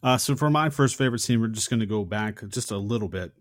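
A man's voice: lowish voice, fast, no echo. A man co-hosting a podcast, recapping a film scene in a casual chat with long chains of "and". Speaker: podcast co-host.

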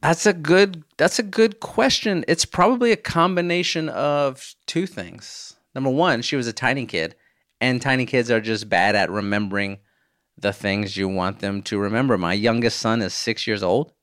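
A man in his thirties hosting a podcast, answering listener voicemails with animated, jokey storytelling and casual swearing. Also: medium pitch, moderate pace, no room sound, clean studio sound. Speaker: podcast host.

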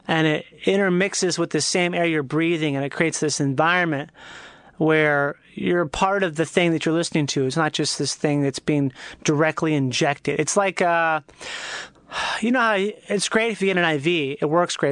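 A man's voice: a little high, fairly bright tone, no echo. Rambling profane man hosting solo. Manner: rambling, profane, self-interrupting. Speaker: podcast host. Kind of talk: rambling solo comedic monologue.

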